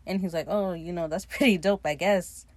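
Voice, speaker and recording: A woman's voice: on the low side, normal speed, darkish tone, no room sound. A woman casually recapping a TV episode, retelling scenes animatedly with laughter and swearing. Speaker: recap podcaster.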